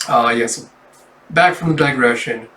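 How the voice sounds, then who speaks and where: A man's voice: medium pitch, measured pace, bright, forceful tone. Rambling man in an echoey room. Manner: loose, rambling, full of fillers. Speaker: comic reader and commentator. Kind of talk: casual reading and chat. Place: room at home. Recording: roomy, distant mic.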